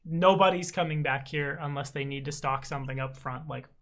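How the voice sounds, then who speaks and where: A man running a tabletop game as game master, narrating in a casual, chatty way. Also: fairly high pitch. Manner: casual, chatty, slows down for tricky words.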